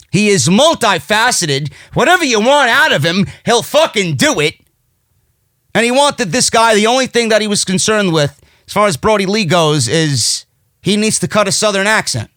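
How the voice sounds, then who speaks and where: A high-pitched man with a New York accent breaks down last night's wrestling show in loose, excited commentary. He is blunt and swears often. His voice sits close and dry on the mic, with no room sound. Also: dry recording. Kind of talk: casual commentary review.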